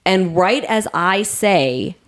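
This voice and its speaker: A woman's voice: medium pitch, slow pace. A woman co-hosting a podcast, telling a story in casual chat through a headset mic, with lots of fillers. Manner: animated storytelling, many fillers. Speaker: podcast co-host.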